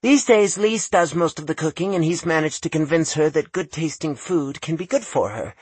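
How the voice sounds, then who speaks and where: A man's voice: a little high, moderate pace, husky, no echo, voice pushed up. A man voicing a teasing young woman. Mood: chatty.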